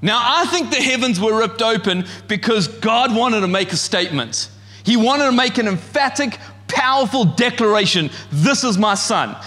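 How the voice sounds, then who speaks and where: High, bright-voiced man preaching in a hall. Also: lively intonation, moderate pace. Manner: impassioned, shouts when acting out God's voice. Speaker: pastor. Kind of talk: sermon.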